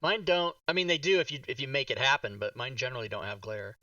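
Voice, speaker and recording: A man's voice: mid-range voice, fast talker, sharp tone, dry recording, far from the mic, dull audio. A man hosting a casual live stream, blunt and profane, joking with his co-host. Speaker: streamer and dungeon master.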